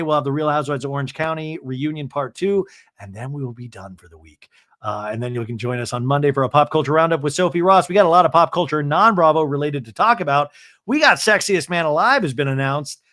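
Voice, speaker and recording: A young man hosts his solo podcast, rattling through a reality-show trailer and acting out the cast's lines with a lift in his fairly high voice. He swears casually. The sound is close and dry, with no room around it. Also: no echo. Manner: animated, mimics cast members' lines with raised voice. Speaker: podcast host.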